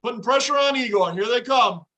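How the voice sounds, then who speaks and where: A man hosting a livestream from his home basement, reacting to a hockey game and greeting viewers in chat, often yelling at the play. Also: extremely high pitch, a little fast, muffled recording. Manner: excitable, yells at the game. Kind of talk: live game reaction with chat shout-outs.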